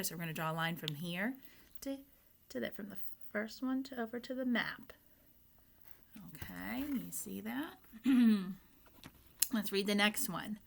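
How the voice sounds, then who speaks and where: Slow, bright-voiced woman teaching phonics. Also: mid-range voice, gravelly. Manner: slow, patient, reads words aloud in even steps. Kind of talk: recorded phonics lesson for young children.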